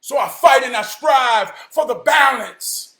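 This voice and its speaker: A man with a very high, sharply bright voice delivers a fired-up motivational monologue. He lurches from loud shouting down to low muttering, hammers lines by repeating them, and curses freely. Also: unhurried. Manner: heavy cursing, repeats phrases for emphasis.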